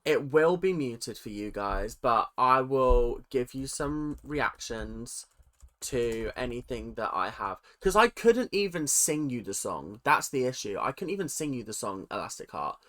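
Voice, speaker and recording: A man hosting a reaction video in his bedroom, chatting casually and animatedly, breaking into sudden high outbursts as he mimics reactions. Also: pushed and bright. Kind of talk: casual commentary.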